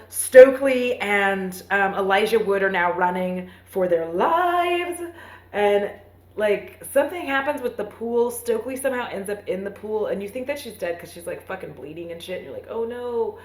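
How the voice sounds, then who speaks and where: A woman hosting a comedic movie recap, rambling and profane with lots of fillers and self-mocking asides. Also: medium pitch. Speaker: host. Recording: roomy echo.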